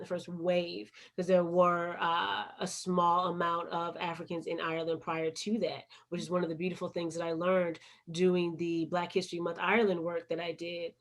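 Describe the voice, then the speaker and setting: A woman's voice: fairly low pitch, flat delivery, moderate pace, hardly any pauses. A woman with a Chicago accent, a poet and activist telling her story as a guest in an interview, earnest and emphatic. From United States.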